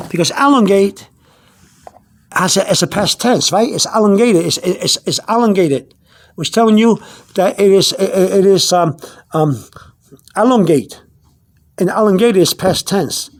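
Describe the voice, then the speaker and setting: A man teaching vocabulary in an unscripted video lesson, halting, repeating himself and filling pauses, slowing down to spell out words. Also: high-pitched. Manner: searches aloud through his notes. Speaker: language teacher.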